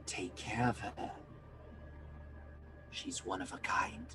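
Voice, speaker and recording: A man voicing a woman, a tentacled sea-witch aunt, in a hushed, breathy whisper during a tabletop game. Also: low voice, fairly even intonation, slow pace, background noise. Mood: eerie.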